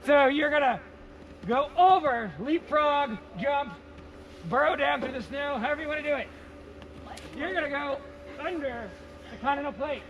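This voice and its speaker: A male science teacher giving a playful, energetic hands-on lesson outdoors in the snow, repeating key words. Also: extremely high pitch, moderate pace, pauses often, lo-fi sound.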